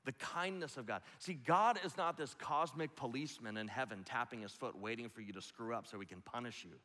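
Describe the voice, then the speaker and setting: A man's voice: medium pitch, pushed and bright, big-room sound. A man preaching a sermon as pastor, emphatic and conversational, often asking the congregation rhetorical questions.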